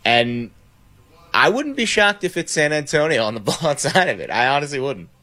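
A man on a sports radio show giving measured, analytical takes. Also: on the high side, sing-song, bright, forceful tone.

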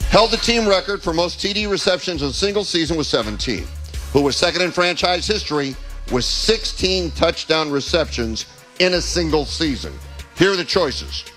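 Playful, animated male quiz host. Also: on the high side, moderate pace, soft background music, low-quality recording. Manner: playful, teasing, laughs often. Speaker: radio host running a trivia game. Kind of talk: live quiz hosting. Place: live event at a restaurant.

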